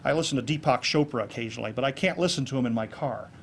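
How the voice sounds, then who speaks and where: A man giving a keynote speech to a club audience on presentation skills, lively and jokey, acting out examples. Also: mid-range voice, rapid-fire, creaky, slight background noise. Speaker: keynote speaker. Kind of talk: public speaking talk on presentation skills. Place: club meeting room with an audience.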